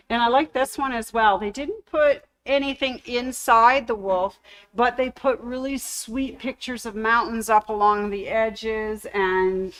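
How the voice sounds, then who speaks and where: Slow-talking woman telling puns. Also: on the high side, poor audio. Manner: chatty, cracks corny puns. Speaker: fabric store host. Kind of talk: casual livestream product showcase.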